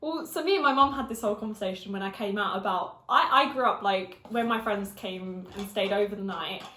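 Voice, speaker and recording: A woman's voice: mid-range voice, a little fast, pushed and bright. A twenty-year-old English woman from Essex, hosting a casual chat while eating and laughing often. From Essex, England. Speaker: YouTube host. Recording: roomy echo.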